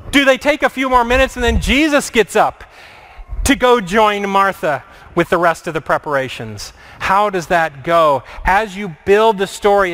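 High-voiced man preaching reflectively. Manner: reflective, asks many questions, shifts between lively and hushed. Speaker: pastor. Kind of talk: sermon.

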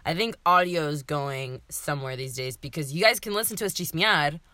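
A woman's voice: low voice, a little fast, sharp tone, no room sound. A young woman co-hosting a podcast, chatting casually with her friend, laughing often and swearing freely. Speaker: podcast co-host. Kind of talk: casual chat.

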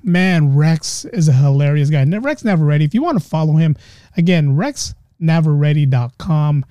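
A man's voice: a little high, animated, normal speed, warm tone, no room sound. Friendly middle-aged podcast host man. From San Francisco Bay Area. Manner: friendly, effusive thanks, laughs easily. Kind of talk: casual interview chat.

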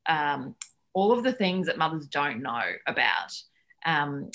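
Woman, 30s, slightly low voice, chatty, lots of fillers, podcast guest. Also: measured pace, gravelly. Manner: chatty, lively storytelling with many fillers. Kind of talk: casual chat.

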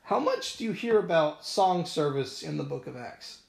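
A man hosts a casual church discussion, asking questions and slipping into a preacher's cadence. His voice is a bit high for a man. The room rings with echo. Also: animated, moderate pace, gravelly. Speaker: podcast host, preacher. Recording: echoey room.

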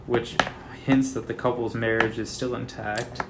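A man's voice: mid-range voice, level tone, moderate pace, noisy background. A young man casually chatting on a podcast from a home kitchen, telling stories loosely with lots of fillers. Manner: loose, filler-heavy storytelling with quoted voices. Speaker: podcast co-host. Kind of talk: casual chat.

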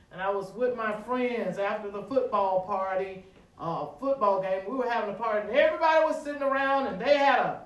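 A man preaching a sermon in a church, using call-and-response with the congregation and rising to shouts. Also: high voice. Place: church sanctuary. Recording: echoey room, distant mic.

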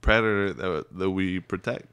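A man co-hosting a casual podcast in a relaxed, chatty way, often laughing. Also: deep voice, moderate pace, clear, resonant tone. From Texas. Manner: laid-back, says "bro" a lot, laughs often. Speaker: podcast co-host. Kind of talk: casual chat.

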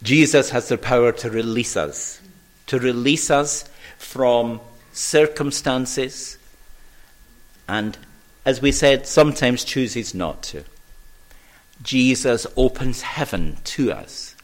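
A man preaching a sermon in a church, measured and earnest. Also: medium pitch.

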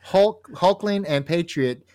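A man co-hosting a casual comic book talk show, animated and laughing often as he reads panels aloud. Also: high-pitched, takes it slowly, clear, resonant tone. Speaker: podcast co-host.

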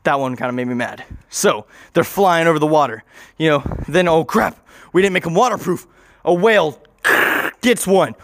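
A man's voice: fairly high pitch, a bit bright, dry recording. A man improvising a rambling comic story, often interrupting himself and swearing casually.

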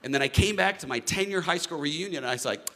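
Earnest preacher man with a bright voice. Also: on the high side, animated, quick pace. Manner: earnest, building to emphatic declarations. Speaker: pastor. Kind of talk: sermon. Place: church hall.

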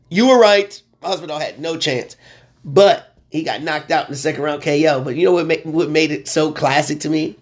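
Excitable slangy sports-talk guy. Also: fairly high pitch. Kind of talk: casual sports commentary.

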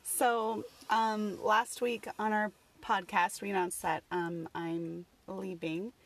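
A woman podcast host in casual chat, friendly and quick to react with lively asides. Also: mid-range voice.

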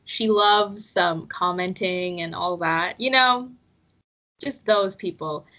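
A woman's voice: on the low side, slow, bright, forceful tone. A young woman chatting casually on a podcast, giggly and full of fillers. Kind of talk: casual chat. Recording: dull lo-fi sound.

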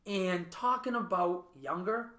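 A podcast host with a high-pitched, pushed, bright voice speaks unhurriedly in an echoey room. During a casual interview chat he's earnest and reflective, often checking in with "right?".

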